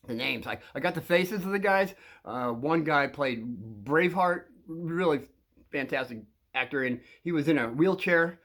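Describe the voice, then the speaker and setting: A man's voice: medium pitch, fairly bright tone. Older man rambling through stories. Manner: halting, repeats words, chuckles often. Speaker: channel host telling stories. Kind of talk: rambling storytelling to viewers.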